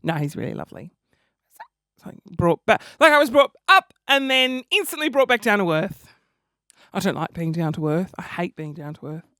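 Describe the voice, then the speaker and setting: A man's voice: high voice, lively intonation, normal speed, bright, forceful tone, no echo, studio quality. A young man hosting a comedy podcast, chatty, camp and self-deprecating. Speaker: podcast host.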